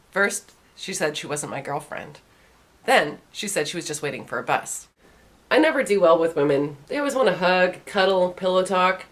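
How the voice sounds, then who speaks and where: A woman host telling rapid-fire dark one-liner jokes in a deadpan delivery. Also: low voice.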